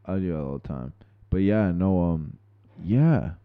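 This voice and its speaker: Young dude on a podcast, super deep voice, chill slang, dull mic. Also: male voice, lively intonation, unhurried, clear, resonant tone, no echo. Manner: laid-back slang, lots of backchannel. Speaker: podcast co-host. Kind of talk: casual chat.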